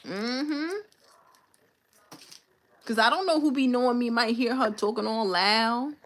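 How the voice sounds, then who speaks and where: A woman's voice: on the high side, fairly quick, fairly bright tone. A young woman livestreaming, telling a personal story in a candid, slangy, venting way to her chat. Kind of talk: casual live-stream storytelling.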